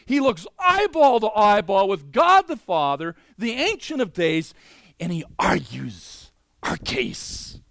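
Male preacher, somewhat high voice, dry close mic; animated sermon delivery with chatty asides. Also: slow pace, vocal fry, no echo. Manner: animated, swings between loud emphasis and quiet asides; conversational, many "you know" fillers.

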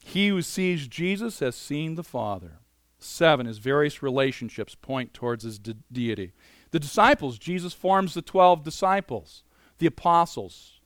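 A man preaching a sermon, animated and conversational, moving between loud emphasis and quiet asides. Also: a little high, moderate pace, no echo. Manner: conversational, many "you know" fillers.

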